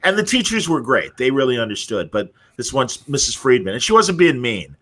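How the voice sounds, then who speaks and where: Bright-voiced man telling a lively story. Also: medium pitch, brisk. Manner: animated storyteller acting out quoted voices. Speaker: podcast co-host. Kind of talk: casual storytelling chat.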